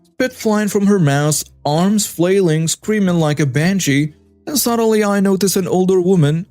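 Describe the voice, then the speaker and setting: Dry, slightly high male story narrator. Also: moderate pace, darkish tone, no echo. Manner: wry, conversational storytelling. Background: faint background music.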